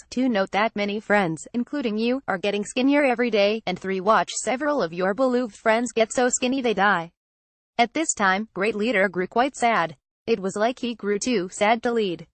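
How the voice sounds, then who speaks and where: A woman's voice: fairly high pitch, dry recording. Earnest woman reading a storybook. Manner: earnest, naive first-person storytelling. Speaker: audiobook narrator. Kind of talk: scripted audiobook narration.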